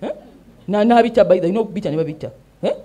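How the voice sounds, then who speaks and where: Racing along in a dark-toned, mid-range voice with a breathy edge, a middle-aged woman with a Ugandan accent hosts and mentors on a talk show. Her monologue is animated and emphatic, switching between English and Luganda, punctuated by frequent "eh?"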